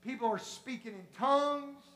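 Pentecostal preacher, high voice, fired up, shouts and repeats himself to the church. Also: normal speed, roomy sound. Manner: impassioned, rising to shouts; repetitive, acts out congregation voices. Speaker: pastor. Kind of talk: Pentecostal sermon.

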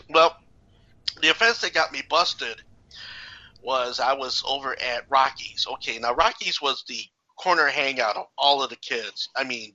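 A man's voice: medium pitch, pushed and bright. An older man co-hosting a podcast, telling a rambling story in casual chat with lots of "okay"s and "uh"s. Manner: rambling, with filler okays and uhs. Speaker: podcast co-host. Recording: dull lo-fi recording.

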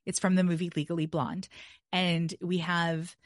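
A woman's voice: fairly low pitch, level tone, moderate pace, no echo, clean studio sound. A woman hosting a podcast, teaching in a chatty, upbeat way and coaching listeners through breathing exercises from her desk microphone. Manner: chatty and upbeat, laughs at own jokes. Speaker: podcast host teaching about the brain. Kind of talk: casual teaching talk with guided breathing. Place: at a desk, indoors. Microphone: desk microphone, leaning in close.

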